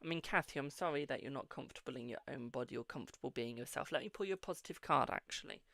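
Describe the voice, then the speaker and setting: A man from the United Kingdom hosts a live-stream tarot reading, talking very fast in an animated, creaky, medium-pitched voice that's a bit bright. Affectionate and repetitive, he keeps calling viewers "my darling" and "boo," and there's no room sound.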